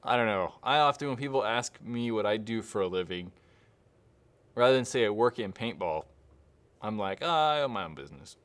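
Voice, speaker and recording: A man's voice: lowish voice, normal speed, pauses often, smooth. A young man hosting a live stream and answering chat questions casually, rambling and hesitant, with many fillers.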